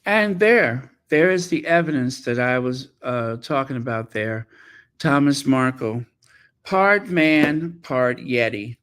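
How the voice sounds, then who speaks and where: A man's voice: mid-range voice, lively intonation, slow, a bit bright, clear, resonant tone. A man hosting a commentary channel, talking in a sarcastic, mocking way. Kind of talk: casual commentary.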